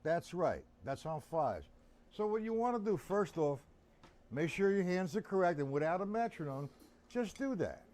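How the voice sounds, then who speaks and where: A man's voice: high-pitched, very animated, normal speed, over loud music. A man teaching drums on a live stream, counting beats aloud and talking casually to his viewers. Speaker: drum teacher. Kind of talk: live-streamed drum lesson. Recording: drum kit loud behind voice. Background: drums and metronome.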